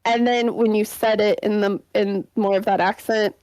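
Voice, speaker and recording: A woman's voice: medium pitch, level tone, normal speed, darkish tone, dry recording, rough recording. A woman co-hosting a podcast in playful, rambling casual chat, laughing often. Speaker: podcast co-host.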